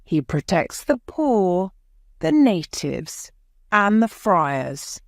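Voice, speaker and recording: A woman voicing a gentle young nobleman who hates fighting, pleading softly in an audiobook. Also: fairly low pitch, big pitch swings, extremely slow, dry recording, clean studio sound, full character voice. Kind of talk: audiobook character voice.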